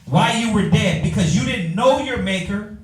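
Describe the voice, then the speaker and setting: A man's voice: high-pitched, moderate pace. A man teaching a Bible class in a preaching style, firing rhetorical questions at his listeners and calling on readers. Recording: echoey room from far off.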